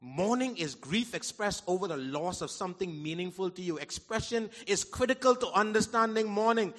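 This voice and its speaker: A man preaching a sermon in a church hall, folksy and animated, swinging from shouts to low asides. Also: moderate pace. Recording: long hall reverb.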